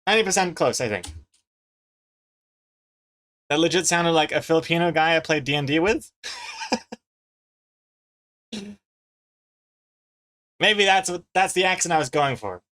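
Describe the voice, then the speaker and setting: A man's voice: on the high side, a little slow, pauses often, bright, forceful tone. Chatty man with a mixed Kiwi-American accent. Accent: mixed New Zealand and American. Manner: chatty, reads chat messages aloud, laughs easily. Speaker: webcomic artist and streamer. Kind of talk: casual live-stream chat while drawing.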